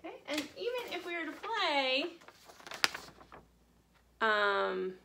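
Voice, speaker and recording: Animated, high-voiced woman teaching Spanish. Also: gravelly, noisy background. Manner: slow, careful modeling of Spanish words; cheerful, encouraging teacher talk. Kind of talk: recorded online class for children.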